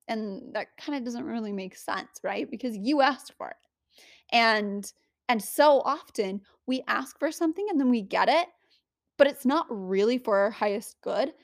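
A woman's voice: on the high side, animated, normal speed, creaky, dry recording, clean studio sound. Earnest woman giving spiritual coaching. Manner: earnest, conversational, rhetorical questions. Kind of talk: motivational spiritual teaching.

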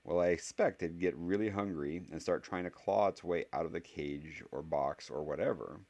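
A man's voice: sits low, normal speed, darkish tone, dull audio. A man voicing a clever, blunt eleven-year-old boy who talks in an earnest, argumentative way.

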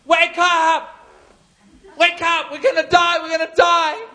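A preacher acting out frantic panicking disciples. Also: male voice, very high voice, little pitch movement, takes it slowly, voice pushed up, heavily acted. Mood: panicked. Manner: frantic, yelling. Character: panicking male disciples in a storm.

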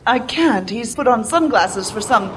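A bossy sarcastic mind reader. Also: female voice, a little high, animated, a little slow, noisy background. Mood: commanding. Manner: dry, commanding, sarcastic. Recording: music underneath.

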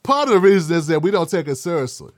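A male commentator with a high, very lively voice, swooping up and down as he mocks and swears his way through his own online show. He sounds sarcastic and loose, and his voice is dry and close, with no room sound. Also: fast talker, no room sound. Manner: sarcastic, mocking, profane. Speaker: independent media commentator.

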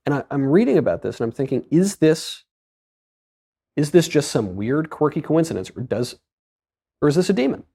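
A man's voice: on the high side, very animated, moderate pace, vocal fry, long pauses, mellow. A man hosting a podcast, asking a priest questions in a curious, wry way. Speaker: podcast host. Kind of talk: interview conversation.

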